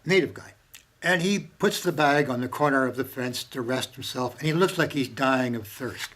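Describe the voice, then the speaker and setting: A man talking casually to camera at home, impassioned and profane, swinging from loud bursts to hushed whispers. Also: medium pitch, moderate pace. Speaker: monologuing about strangers and religion. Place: home with maps on the wall. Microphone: handheld camera.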